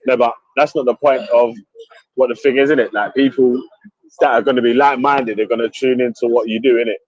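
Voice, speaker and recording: A man's voice: mid-range voice, fairly even intonation, a little fast, darkish tone, no echo. A man hosting a casual online chat, laid-back and slangy. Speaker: host. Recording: dry, slightly dull online audio.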